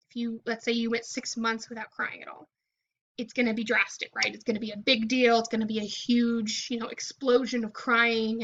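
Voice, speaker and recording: A college geology instructor delivers a recorded lecture in a bright, forceful voice that sits on the high side. Her explanations are casual, with frequent "okay" check-ins and "um" filling the gaps. The audio is dull and lo-fi.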